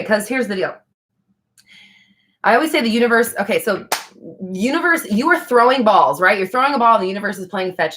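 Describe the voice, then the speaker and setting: A woman's voice: medium pitch, a bit bright. A young woman hosting a casual live stream, answering viewer questions in a chatty, frank way with casual swearing.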